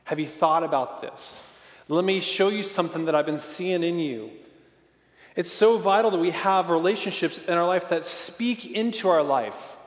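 A man in his thirties preaching a sermon in a casual, animated way, with lots of fillers and acted-out quotes. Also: sits high, normal speed. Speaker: pastor. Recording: echoey hall reverb.

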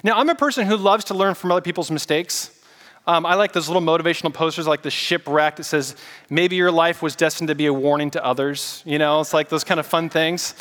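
A man preaching a casual, animated sermon and getting the congregation to repeat words back to him. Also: on the high side, brisk, big-room sound. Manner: casual, animated preaching with audience call-and-response. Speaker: pastor.

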